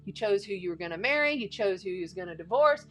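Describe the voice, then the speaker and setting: A woman's voice: medium pitch, animated, fast talker, a bit bright, soft background music. A woman giving a casual spiritual tarot and astrology reading, chatty and folksy, repeating phrases for emphasis.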